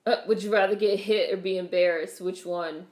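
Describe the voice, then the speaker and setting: In a lowish, steady, slightly mellow voice, a young woman briskly delivers watch-along commentary on a film for her vlog. Her casual chat is full of wry remarks and comebacks at the screen, recorded with a roomy echo.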